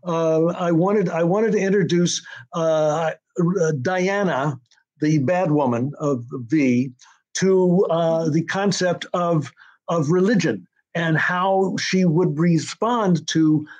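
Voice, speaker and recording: Older man with a high voice, rambling. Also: slow pace, a little mellow, dull audio. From United States. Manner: rambling with many restarts and fillers. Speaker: TV writer-director being interviewed. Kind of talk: casual interview storytelling.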